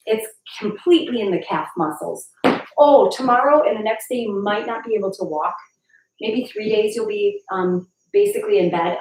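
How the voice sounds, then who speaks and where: Ballet teacher in an echoey studio. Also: female voice, mid-range voice, a little mellow. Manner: chatty, encouraging, counts and calls steps aloud. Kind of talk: live online dance class instruction. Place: dance studio, large room. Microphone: far camera mic. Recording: echoey room, far from the mic. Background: piano class music playing.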